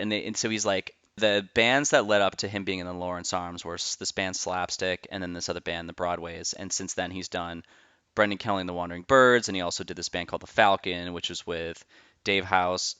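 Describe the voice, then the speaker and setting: A man's voice: low-pitched, bright, forceful tone, clean tone, dry recording. A man hosting a podcast, telling a long rambling story in casual chat and swearing freely. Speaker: podcast host.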